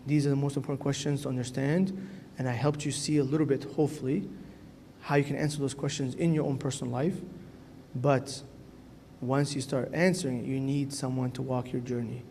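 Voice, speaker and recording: A man's voice: mid-range voice, steady tone, brisk, gravelly, mellow. Give me an earnest male priest preaching casually in a church hall with a long echo. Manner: earnest and conversational, often asks "right?". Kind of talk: sermon to a youth gathering. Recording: echoey church hall, faint noise.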